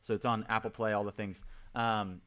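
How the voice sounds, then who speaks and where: A man's voice: on the low side, flat delivery, moderate pace. A man hosting a casual livestream, cheerfully repeating greetings and calling out viewers by name. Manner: upbeat, repetitive greetings, shouting out viewers. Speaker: crypto livestream host.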